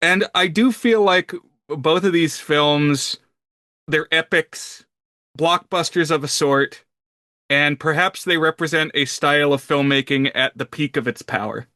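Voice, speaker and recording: Male co-host, thirties, bright and slightly high, chatty teaser. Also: measured pace, no echo, clean studio sound. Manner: chatty, teasing, hesitant restarts. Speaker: podcast co-host. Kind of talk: casual film podcast chat.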